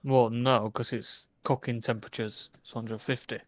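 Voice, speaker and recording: A man's voice: medium pitch, little pitch movement, moderate pace. A man chatting on a podcast, cutting in with blunt, matter-of-fact remarks. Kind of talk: casual chat.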